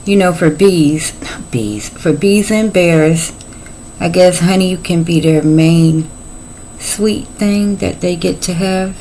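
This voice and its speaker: Middle-aged lady chatting through a tarot spread, lowish gravelly voice, faint noise behind. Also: steady tone, slow pace, dark tone, low-quality recording. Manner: chatty, folksy, playful asides. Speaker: tarot reader. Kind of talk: casual tarot reading.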